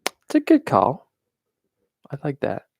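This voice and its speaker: A man's voice: medium pitch, wildly swooping pitch, slow, gravelly, darkish tone, no room sound. A man co-hosting a podcast, easygoing and agreeable while chatting about beer. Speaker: podcast co-host. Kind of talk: casual beer review chat.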